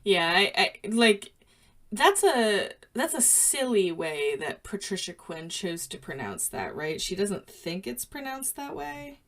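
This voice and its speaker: A woman's voice: mid-range voice, big pitch swings, slow pace, a bit bright. A woman hosting a podcast, opening the show and bantering with her co-host with frequent laughter. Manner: giggly, bantering. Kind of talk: casual chat.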